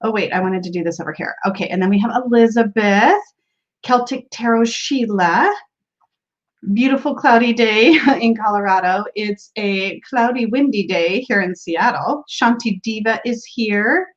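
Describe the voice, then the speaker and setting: A woman's voice: mid-range voice, normal speed, muffled recording. A woman hosting a casual tarot livestream from a room at home, greeting viewers by name and laughing often.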